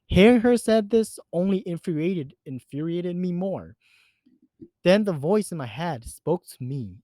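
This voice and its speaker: A man's voice: high voice, animated, unhurried, warm tone, no echo. A man reading a first-person horror story in an earnest, emphatic way. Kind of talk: scripted narration of a horror story.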